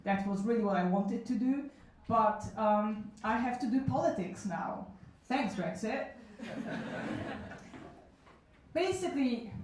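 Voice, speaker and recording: A woman's voice: on the high side, a little mellow, a little hiss or hum. A woman in her thirties telling comic stories at a live event, frank, self-mocking and chatty with asides. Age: 30s. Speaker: solo show performer telling stories. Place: small cafe event room. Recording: echoey room from a distance.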